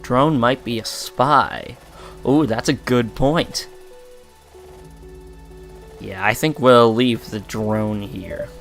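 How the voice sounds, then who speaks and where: A playful, self-mocking man chats casually while streaming a game in a mid-pitched voice. His live commentary has faint game music running under it. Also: slow, vocal fry, long pauses, a bit bright. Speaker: Twitch streamer. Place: home streaming setup.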